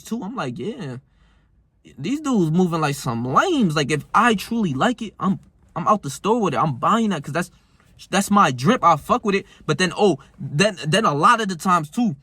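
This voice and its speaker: A man's voice: a little high, bright, forceful tone, breathy edge, no room sound. A young man telling stories in a casual, heated monologue, full of slang and cursing. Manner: profane, slangy, heated storytelling. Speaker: self-improvement vlogger.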